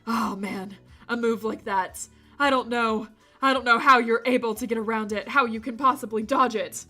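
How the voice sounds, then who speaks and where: A woman streamer reading a visual novel aloud, breaking off for animated, jokey commentary. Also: on the high side, normal speed, soft background music. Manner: animated, jokey asides with laughter.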